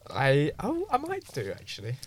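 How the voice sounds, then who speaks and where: A young man in his twenties, a guest racing driver, giving measured, thoughtful answers in a casual chat. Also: a little high, huge pitch swings, a little hiss or hum.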